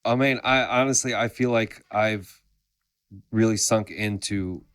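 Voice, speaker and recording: A man in his thirties hosting an interview, speaking earnestly and reflectively with some halting restarts. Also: lowish voice, a bit bright, clean tone, no room sound. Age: 30s. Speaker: podcast host. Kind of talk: conversational interview.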